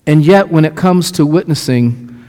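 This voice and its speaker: Speaking at a moderate pace in a voice on the high side, this pastor puts questions to his congregation and brings his stories to life with quoted lines he acts out. A long hall reverb surrounds the sermon.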